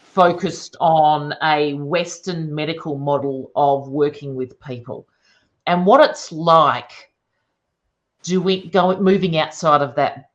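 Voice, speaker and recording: Woman, Australian accent, lowish voice, relaxed host, easy questions. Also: takes it slowly. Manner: relaxed, conversational, prompting questions. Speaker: podcast host. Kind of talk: casual interview chat.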